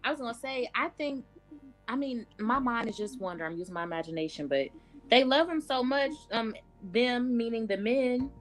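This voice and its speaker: A woman's voice: a little high, expressive, moderate pace, soft background music. A woman co-hosting a casual commentary chat, blunt and speculative, swearing casually.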